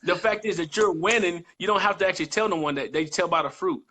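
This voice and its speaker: An earnest man on a live-streamed motivational chat, with a notably high voice. His tone is bright and ringing. He drives his points home by repeating phrases. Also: quick pace. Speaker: guest co-host.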